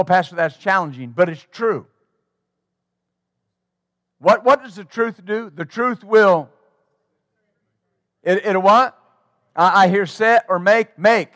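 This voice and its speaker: A man's voice: high voice, a bit bright, no echo, studio quality. A man preaching a sermon as pastor, emphatic and rhythmic, drawing call-and-response from his congregation.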